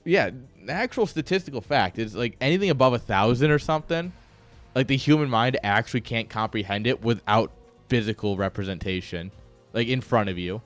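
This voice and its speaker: A man's voice: mid-range voice, lively intonation, brisk, soft background music. Rambling, joking man casting a game. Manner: rambling, joking asides, chuckles at himself. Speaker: esports caster. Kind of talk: casual live-stream game commentary.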